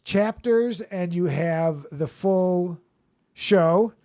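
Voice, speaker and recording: A man's voice: high voice, extremely slow, mellow. An enthusiastic man hosting a comedy podcast in casual chat. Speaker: podcast host.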